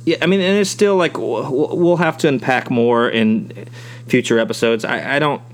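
A man co-hosting a casual podcast conversation. He talks in a rambling way, swears freely and restarts his sentences often. His pitch sits in the middle for a man. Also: normal speed. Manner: profane, rambling, many restarts. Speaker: podcast co-host. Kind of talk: casual chat.

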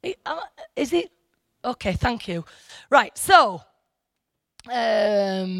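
Woman church teacher, high lively voice, rambly bible talk, dry close sound. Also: very slow, gravelly, no room sound. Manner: rambling, self-correcting, asides to the listeners.

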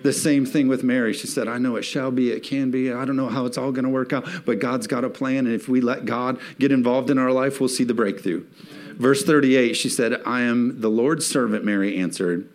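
A man's voice: mid-range voice, steady tone, a little fast. A man preaching a sermon in a church, reading scripture and rising to emphatic peaks as he calls on the congregation to respond. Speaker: pastor.

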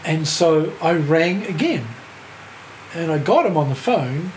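Telling a casual, rambling anecdote as a podcast guest, an older New Zealand music writer laughs through it and swears without restraint. He speaks a little slowly in a slightly high, expressive voice, recorded in an echoey room with faint hiss.

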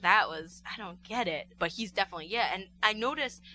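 Woman, podcast co-host, casual chat, bright voice, chatty and jokey, faint hum. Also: mid-range voice, fairly quick. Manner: chatty, laughing, drops into mock impressions.

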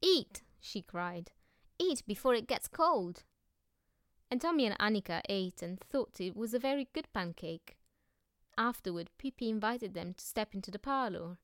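A woman narrating a children's story as an audiobook reading, gentle and measured. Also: medium pitch, expressive, clean tone, dry recording, clean studio sound.

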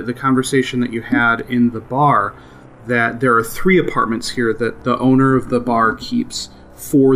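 A man running a tabletop game as game master, narrating in a relaxed, amused way with many fillers. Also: mid-range voice.

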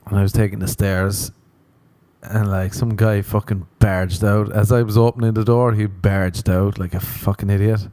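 A man's voice: fairly low pitch, little pitch movement, normal speed, warm tone, no room sound. A man hosting a podcast, telling rambling, profane, self-mocking stories in a casual comedic monologue. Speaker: podcast host.

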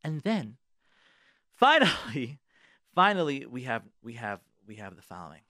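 A man's voice: mid-range voice, sing-song, a little slow, bright, forceful tone, dry recording, clean studio sound. A man, a rabbi and marriage therapist, giving advice on the radio, emphatic and repetitive, with Hebrew and Yiddish words in his talk.

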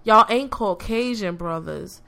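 A woman's voice: medium pitch, a little slow, creaky, pushed and bright. A woman podcast host in casual chat who slips into impassioned preaching aimed straight at the listeners. She comes back to the same direct address again and again, building her point with repetition.

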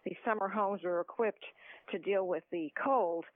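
A man's voice: sits high, moderate pace, dry recording. A man calling in to chat about politics, stumbling through restarts and tossing in sarcastic asides. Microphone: phone. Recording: tinny phone line.

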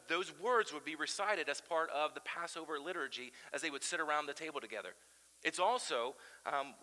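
A man preaching a sermon as pastor, animated and swinging between loud emphasis and quiet intensity. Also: on the high side, in a large hall, rough recording. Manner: animated preaching, chanting crowd shouts aloud.

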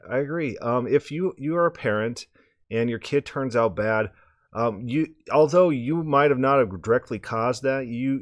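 A man with a hoarse, scratchy voice hosting a podcast, rambling casually and repeating words as he restarts his sentences. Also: fairly low pitch, no echo, clean studio sound. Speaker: podcast host.

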